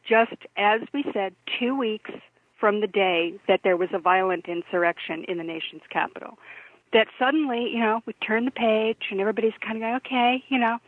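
Woman co-host on a phone line, tinny and dry, animated and incredulous, laughing through her talk. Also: on the high side, moderate pace, no room sound. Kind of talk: political commentary chat.

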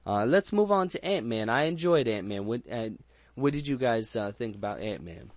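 A man's voice: medium pitch, expressive, normal speed, no room sound. A man hosting a casual movie review chat, rambling and crude with frequent restarts and jokes. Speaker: podcast host.

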